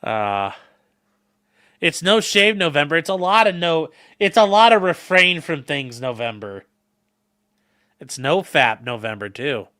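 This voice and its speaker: A man's voice: on the high side, big pitch swings, measured pace, pauses often, pushed and bright, clean tone. A man hosting a livestream, rambling and joking as he reacts to the chat. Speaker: livestream host reading chat. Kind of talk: casual stream chat.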